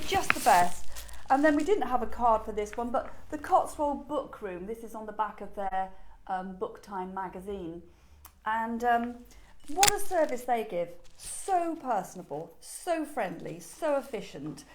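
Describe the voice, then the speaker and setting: A woman who owns a shop, chatting expressively and often pausing on "um". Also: a little high, slight background noise, rough recording. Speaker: furniture shop owner and host. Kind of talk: casual chat. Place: in her shop.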